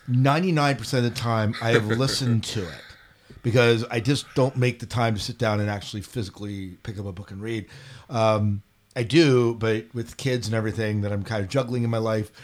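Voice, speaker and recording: Joking guy running a book podcast, ribs his friends, asks what they thought. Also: mid-range voice. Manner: playful, teasing, asks questions. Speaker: podcast co-host. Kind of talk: casual book-club chat.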